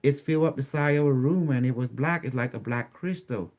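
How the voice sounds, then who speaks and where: An interview guest, a man, recounts a personal experience in English, his story halting and repetitive with many restarts. His voice is mid-range with a darkish tone.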